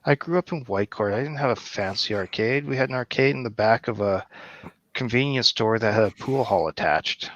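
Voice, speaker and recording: A man's voice: mid-range voice, expressive, fairly quick, a bit bright, dry recording. A man co-hosting a casual movie chat, wry and grumbling in his banter. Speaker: podcast co-host. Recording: dull dry lo-fi sound.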